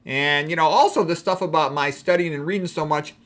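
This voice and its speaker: Fast-talking, wry middle-aged man. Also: fairly high pitch, a bit bright. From Chicago. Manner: rambling, wry and frank. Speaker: doctor. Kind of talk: casual personal monologue.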